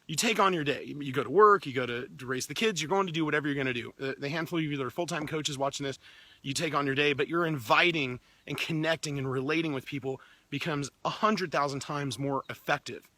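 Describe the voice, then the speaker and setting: A man with a bright, forceful voice gives an energetic motivational talk to his team. He sounds upbeat and eager, often doubling words as he presses on. His voice sits a little high for a man and is recorded dry and close. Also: fast talker, few pauses, dry recording. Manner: energetic, upbeat, repeats words when excited.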